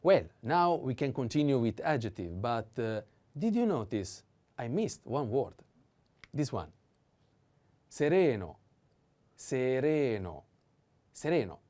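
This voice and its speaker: A man with an Italian accent teaches vocabulary slowly and patiently, saying each word three times and lingering on hesitant fillers. His voice sits at medium pitch, darkish in tone and very animated.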